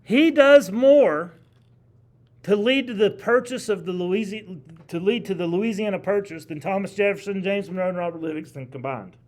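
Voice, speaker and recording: A man's voice: high-pitched, a little fast. A man teaching a history class in a classroom, talking casually and quizzing his students with questions. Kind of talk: classroom lecture.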